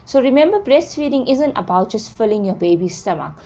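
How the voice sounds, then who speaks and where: A woman's voice: fairly high pitch, very animated, fairly quick, dark tone, dull audio. A middle-aged woman, a breastfeeding support leader, explains things earnestly in a radio interview using simple examples.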